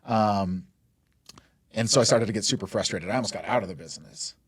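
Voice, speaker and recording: With a low-ish, slightly rough voice and a brisk pace, a forties-aged mortgage lender from Denver, USA, rambles through stories as an interview guest, laughing easily and saying "like" and "you know" a lot. The audio is studio quality with no room sound.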